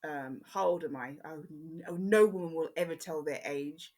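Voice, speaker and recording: A woman's voice: low voice, darkish tone. Chatty Jamaican-born woman with an English accent. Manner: chatty, rambling, frequent "um" pauses. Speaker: podcast host. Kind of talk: casual solo podcast chat.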